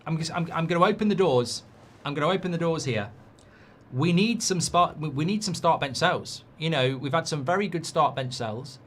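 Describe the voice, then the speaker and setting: A man's voice: medium pitch, a bit bright, a little hiss or hum. Chatty man hosting a watchalong. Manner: chatty, reads viewer comments aloud. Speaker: football watchalong host. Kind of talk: casual live-stream commentary.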